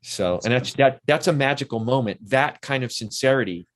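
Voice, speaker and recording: A man's voice: medium pitch, expressive, a little fast. A man in his sixties, an interview guest and actor, telling long, rambling anecdotes full of restarts.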